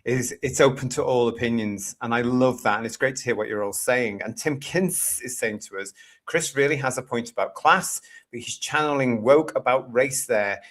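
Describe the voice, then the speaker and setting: A man's voice: mid-range voice, normal speed, a bit bright. A man from the UK hosting a casual live stream, reading out viewer comments with exasperated, sarcastic asides. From United Kingdom. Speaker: live-stream show host.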